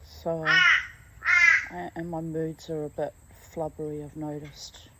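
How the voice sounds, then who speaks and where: Low-voiced woman chatting candidly. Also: level tone, unhurried, heavy background noise. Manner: candid, emotional and chatty, drifting between topics. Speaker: vlogger. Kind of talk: rambling personal monologue.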